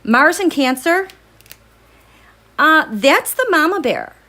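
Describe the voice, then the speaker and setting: A middle-aged woman hosting a tarot and astrology livestream, chatty and excitable, a little out of breath, with stumbling restarts. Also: sits high, takes it slowly. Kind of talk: casual livestream chat.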